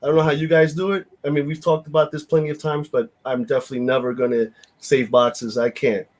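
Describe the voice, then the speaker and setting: A man's voice: fairly high pitch, level tone, quick pace. A man, hosting a casual podcast chat in a blunt, rambling, profane way with lots of fillers. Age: 50s. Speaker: podcast host.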